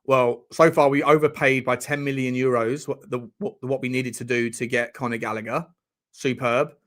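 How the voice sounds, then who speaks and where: A man's voice: medium pitch, fairly even intonation, normal speed, fairly bright tone. A man hosting a casual live-stream chat, joking around and reading out viewer messages. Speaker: livestream host.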